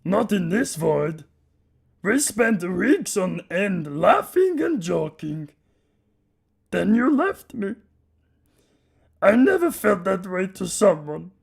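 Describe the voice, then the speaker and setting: A man voicing a hulking, simple-minded male brute who speaks in broken, slow phrases with a Russian-tinged put-on accent. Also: high-pitched, very animated, voice pushed up, exaggerated voice. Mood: mournful. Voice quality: gravelly, raspy, broken speech. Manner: slow, loud, shouting. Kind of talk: dramatic story reading.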